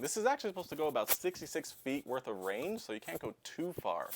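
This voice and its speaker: Lively, chatty man reviewing gear. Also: medium pitch, a little hiss or hum. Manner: chatty, upbeat, demonstrating hands-on. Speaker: tech reviewer. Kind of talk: product review vlog. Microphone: clip-on lavalier.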